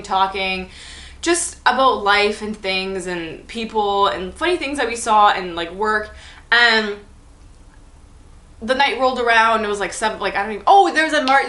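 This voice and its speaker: A woman's voice: a little high, sharp tone. Chatty young woman in an echoey room. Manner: chatty, enthusiastic, heavy use of "like". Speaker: vlogger. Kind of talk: casual storytime vlog. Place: room at home.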